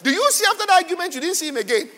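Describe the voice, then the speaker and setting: Male pastor, sermon, very high bright voice, animated, long hall reverb. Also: very fast. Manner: animated, repeats "all right" and "are you following".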